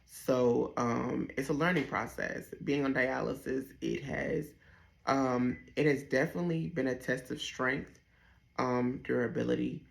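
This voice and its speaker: A young man candidly telling his personal story, hesitant, with many pauses and restarts. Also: medium pitch, steady tone, vocal fry. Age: young adult. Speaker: vlogger sharing his dialysis story.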